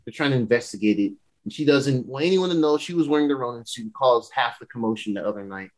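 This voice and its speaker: A young man hosts a podcast, casually recapping a show in rambling slang and laughing often. His voice is medium-pitched with a darkish tone, animated and fast.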